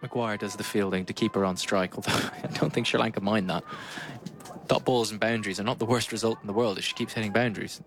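A man calling a cricket match ball by ball, brisk and lively, lifting his voice on big shots and slipping in dry asides. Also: fairly low pitch, a little hiss or hum. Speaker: cricket commentator. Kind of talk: live ball-by-ball commentary.

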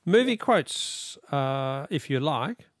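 A man's voice: fairly high pitch, very animated, slow pace, dry recording, clean studio sound. A man with an Australian accent hosting a radio call-in quiz, upbeat and bantering.

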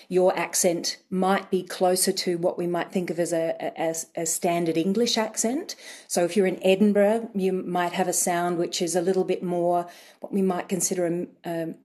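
A woman accent coach interviewed on radio, explaining thoughtfully with frequent ums and pauses. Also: lowish voice, a little mellow.

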